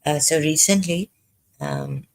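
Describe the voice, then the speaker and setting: A frightened vlogger, telling a personal story in a hesitant, halting way full of pauses and false starts. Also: mid-range voice, fairly even intonation, rough recording. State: frightened, unsettled. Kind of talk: personal confessional monologue.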